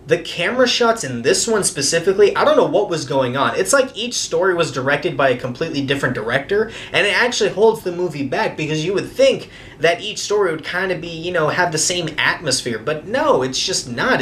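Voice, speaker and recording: A man giving a casual, comedic movie review, retelling the plot with sarcastic asides and a lot of "like". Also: a little high. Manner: sarcastic, lively retelling, frequent "like".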